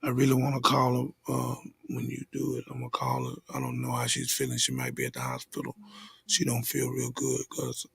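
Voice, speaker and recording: Gravelly, husky man speaking low. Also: very animated, brisk, fairly bright tone. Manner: holding himself back, speaking low and tense. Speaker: guest, minister. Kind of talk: interview conversation.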